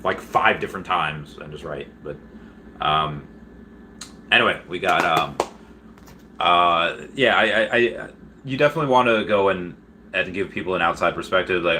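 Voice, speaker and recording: Low-voiced, upbeat male livestream host. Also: moderate pace, a little hiss or hum. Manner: rambling, excitable, laughs often, frequent restarts. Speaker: livestream host reading viewer chat. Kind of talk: casual livestream chat.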